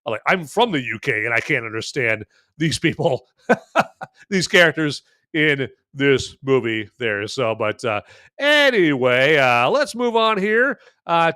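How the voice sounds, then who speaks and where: A man with a mid-range, sharp-toned voice hosts a casual movie and beer review show, chatting to camera. Enthusiastic and jokey, he rambles with plenty of fillers and repeated tag phrases like "okay?" The clean studio sound has no echo.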